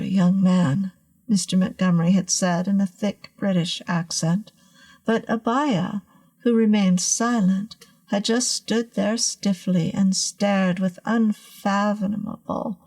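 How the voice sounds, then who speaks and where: A woman narrating a horror story in a measured, suspenseful way. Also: medium pitch, a little mellow.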